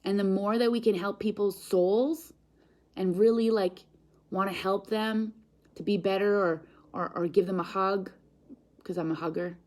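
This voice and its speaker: A talkative woman speaks as a guest on a live stream. She chats in an animated, upbeat way. She reads viewer comments aloud and responds to them. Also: mid-range voice, unhurried. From Canada. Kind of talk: live-stream motivational chat.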